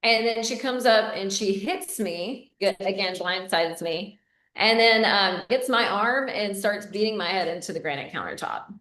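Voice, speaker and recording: A woman tells a personal story to her viewers in a casual, candid way, with plenty of ums and uhs. Her voice sits at a middle pitch. It echoes a bit in a roomy space. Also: moderate pace, a bit bright. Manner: candid, talks to viewers directly, many fillers. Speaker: vlogger. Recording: roomy echo.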